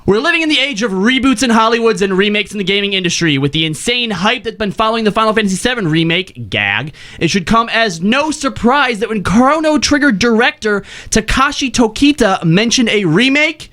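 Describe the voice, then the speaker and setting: A man's voice: high voice, big pitch swings, fairly quick, hardly any pauses, sharp tone. A man hosting a gaming podcast, joking and teasing in casual chat. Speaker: podcast host.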